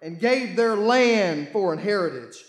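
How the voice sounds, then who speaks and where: A man preaching a sermon, reading scripture aloud and calling his congregation to read along, with bursts of shouting. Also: sits high, expressive, unhurried, echoey room. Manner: call-and-response, urging the congregation to read along. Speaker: pastor.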